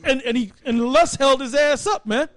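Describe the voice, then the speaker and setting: A man's voice: very high voice, normal speed, a bit bright, dry recording. A man teaching the Bible in a casual, rambling, emphatic way. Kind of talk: casual preaching.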